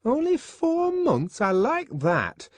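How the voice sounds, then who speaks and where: A man voicing Fanny, a gossipy young woman who scolds her friend in a shrill, mocking way. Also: wildly swooping pitch, slow pace, no room sound, exaggerated voice. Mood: scolding.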